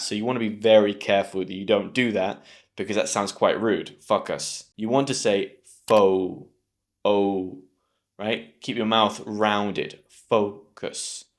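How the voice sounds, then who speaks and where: In an online English pronunciation lesson, a British-accented man with a lowish voice teaches patiently and clearly. He slows down to drill each sound.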